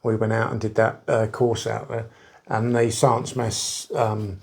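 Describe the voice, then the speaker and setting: A man's voice: on the low side, completely flat delivery, measured pace, vocal fry. A man hosting a casual interview, laughing along and chatting about shared memories. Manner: chatty, laughs along, gives frequent short agreements. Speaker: interviewer host.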